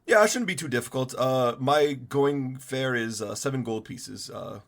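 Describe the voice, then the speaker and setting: A man voicing a gruff, shirtless male dwarf blacksmith who barks his words. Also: mid-range voice, normal speed, pitched above the performer's own voice, lightly acted. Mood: appraising. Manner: brusque, shouting.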